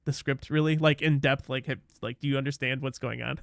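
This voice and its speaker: A man's voice: medium pitch, fairly even intonation, a little fast, gravelly, no room sound, clean studio sound. A male podcast host chatting casually with guests, rambling and interrupting himself, then narrating a script. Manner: rambling, self-interrupting, laughs easily.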